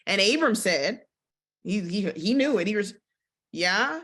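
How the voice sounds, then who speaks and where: Animated woman teaching from scripture. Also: measured pace, long pauses. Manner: reads scripture aloud, then breaks off into animated conversational commentary; expressive, with big swings in pitch and tempo. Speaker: Bible teacher. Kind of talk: casual Bible study teaching.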